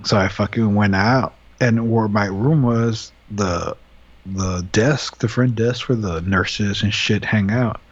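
A man's voice: lowish voice, slow pace. Profane man telling a story, dull lo-fi audio. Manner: profane, animated retelling with quoted asides. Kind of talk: casual storytelling chat.

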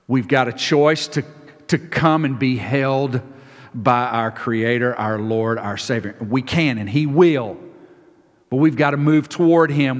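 A man preaches a heartfelt sermon from the pulpit, dropping to near whispers and then rising loud and high. His voice sits a little above the usual male range. A long reverb from a large sanctuary trails every phrase. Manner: impassioned, swings from hushed to loud and high. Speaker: pastor.

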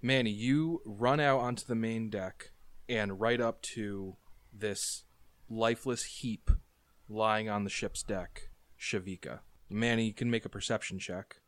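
Brief: male tabletop game master, lowish voice, brisk explanatory narration, dry close mic. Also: fairly even intonation, no room sound.

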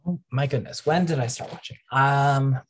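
A man in his twenties, a guest on a podcast, chatting in a relaxed way. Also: medium pitch, moderate pace, breathy edge. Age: 20s. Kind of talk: casual podcast chat.

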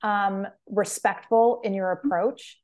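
A woman's voice: medium pitch, fairly even intonation, takes it slowly, a little mellow. A woman interviewing a guest, affirming and chatty, with many fillers. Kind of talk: interview conversation.

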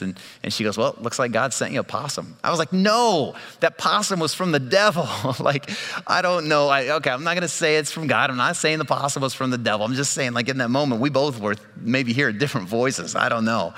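A male pastor delivers a sermon in a casual, storytelling manner, often restarting his phrases. His voice is bright and forceful. It rings out with a long reverb, as in a large hall. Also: medium pitch. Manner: conversational storytelling with repeated restarts.

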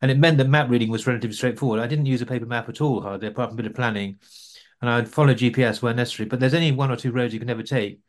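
A man's voice: mid-range voice, steady tone, racing. A man answering interview questions about his overland travels, rambling with frequent restarts.

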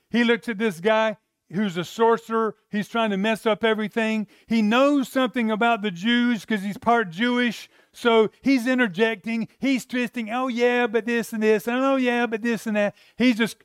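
High-voiced preacher with a crisp, dry sound. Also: male voice, no room sound. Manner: animated storytelling, acts out quoted voices. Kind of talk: sermon.

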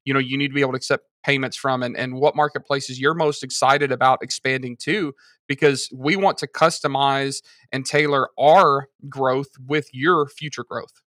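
A man's voice: medium pitch, steady tone, moderate pace, pushed and bright, dry recording. A man on a podcast, explaining things at length in a casual conversation and talking through examples. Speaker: guest from a seller funding service.

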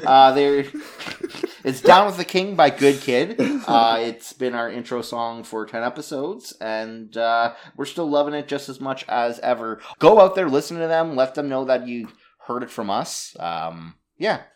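Animated young man hosting a podcast. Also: medium pitch, unhurried. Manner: animated, wraps up the show. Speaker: podcast co-host. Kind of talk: casual chat.

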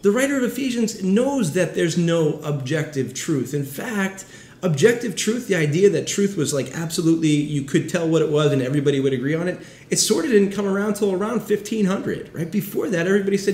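A man in his thirties preaching a sermon as a pastor, in an animated, conversational way. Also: high-pitched, fairly quick, roomy sound. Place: city setting with background street noise.

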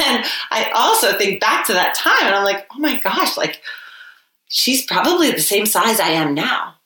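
A woman's voice: mid-range voice, sing-song, measured pace, sharp tone. Reflective woman in a roomy room. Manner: open and reflective, many "like" fillers. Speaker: podcast guest. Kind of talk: candid personal storytelling. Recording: roomy echo.

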